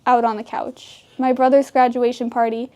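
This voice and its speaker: A teenage girl in an interview, telling funny stories about her brother, chatty and quick to laugh. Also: on the high side, little pitch movement, warm tone, dull audio. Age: teens. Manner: giggly, chatty, quick asides. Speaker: interviewee, high school senior. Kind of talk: casual interview storytelling.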